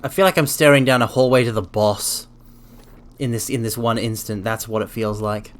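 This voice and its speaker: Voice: medium pitch, steady tone, moderate pace. A game streamer chatting casually while playing, rambling playfully and dropping into silly sound effects.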